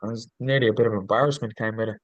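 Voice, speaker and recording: A man's voice: lowish voice, steady tone, rapid-fire, dry recording, muffled recording. A man, a coach on a podcast, talking reflectively and earnestly, often restarting his sentences and searching for words with ums. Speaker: podcast guest, leadership coach.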